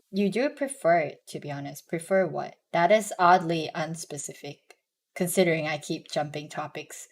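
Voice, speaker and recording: A young woman streamer chatting casually with a hoarse, strained voice, stumbling over restarts and fillers. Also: fairly low pitch. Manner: halting, many restarts and ums, self-conscious.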